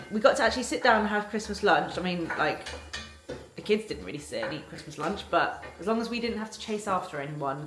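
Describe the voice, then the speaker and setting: A woman, chatting casually to camera for her vlog at home, bubbly and rambling. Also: lowish voice. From London. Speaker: vlogger. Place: home kitchen. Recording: echoey kitchen with background noise. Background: cooking sounds.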